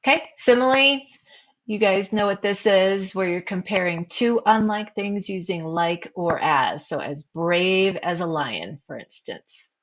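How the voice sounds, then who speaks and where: A woman's voice: medium pitch, expressive, measured pace, lo-fi sound. A woman teacher narrating a recorded slideshow lesson, explaining terms and posing questions to her students.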